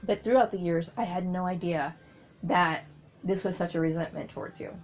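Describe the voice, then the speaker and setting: A woman talking through a personal memory in a rambling monologue, often pausing to search for her words. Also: fairly low pitch, darkish tone, a little hiss or hum, poor audio.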